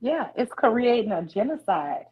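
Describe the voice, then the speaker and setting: Fired-up mom in her 40s venting on a stream, kinda high voice, muffled lo-fi audio. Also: sing-song, a little slow, husky. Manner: outraged, emphatic storytelling. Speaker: guest. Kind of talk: candid livestream conversation.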